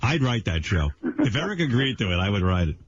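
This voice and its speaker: A man hosting a radio show, riffing and pitching wild ideas in casual banter. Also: big pitch swings, brisk, slight background noise. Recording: dull lo-fi radio audio.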